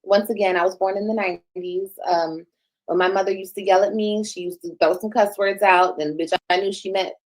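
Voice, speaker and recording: A woman's voice: mid-range voice, fairly even intonation, a little fast, low-quality recording. A woman in her thirties talking on a livestream, defensive and explaining herself, with the odd cuss word. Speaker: livestreamer being reacted to. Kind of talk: casual livestream talk.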